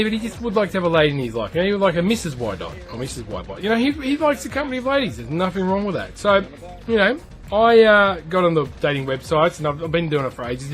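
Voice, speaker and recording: Chatty Australian man over game music. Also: on the high side. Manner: chatty, rambling, self-deprecating. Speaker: gaming YouTuber. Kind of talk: casual storytelling over gameplay.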